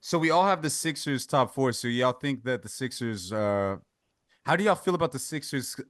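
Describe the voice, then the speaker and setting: A man's voice: medium pitch, lively intonation, normal speed, a bit bright, no room sound, clean studio sound. A man hosting a casual sports podcast, pushing back on points and pulling others into the discussion. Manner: pushes back, steers the talk, asks others in. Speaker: podcast host.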